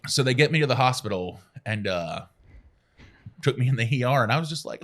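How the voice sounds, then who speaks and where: A man in his forties, a radio guest telling self-deprecating stories in casual chat and acting out quotes with a jump in pitch. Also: lively intonation, brisk, a bit bright. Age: 40s.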